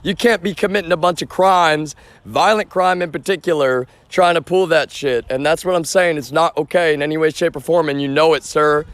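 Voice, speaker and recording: A man's voice: on the high side, fairly even intonation, brisk, fairly bright tone, dry recording. A man live streaming outdoors from a front yard, talking to his viewers in an agitated, rambling way full of swearing. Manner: agitated, rambling, profane, addresses viewers as y'all.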